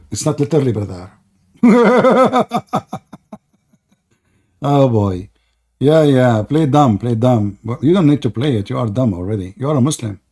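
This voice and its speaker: A man's voice: mid-range voice, dark tone, breathy edge. A man hosting a live online debate, mocking and sarcastic, laughing often and saying he is losing his voice. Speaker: debate host.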